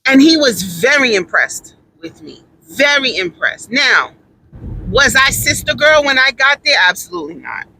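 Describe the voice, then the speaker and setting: A woman's voice: high voice, big pitch swings, moderate pace, pushed and bright, slight background noise, poor audio. A woman telling a story in a casual monologue, emphatic and repeating her points for stress.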